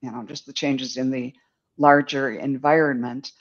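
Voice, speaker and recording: An older man giving a rambling, gentle psychic reading on a live stream, chuckling now and then. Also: mid-range voice, level tone, moderate pace, dull audio. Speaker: psychic medium.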